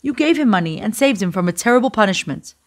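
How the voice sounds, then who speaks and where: A woman voicing a grown man who comes at night to give an urgent, hushed warning, in a storybook reading. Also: medium pitch, lively intonation, fast, close to an everyday voice. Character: grateful grown man, urgent secret warner.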